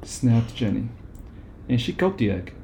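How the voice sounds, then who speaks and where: A man reading a children's book aloud in a calm, even way. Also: mid-range voice, a little slow, vocal fry. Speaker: storybook reader.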